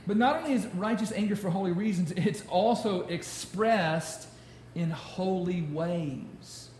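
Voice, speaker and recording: A man preaching a sermon to a congregation, animated and conversational, often repeating words as he goes. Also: high-pitched, measured pace, slight background noise. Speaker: pastor. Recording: roomy hall sound.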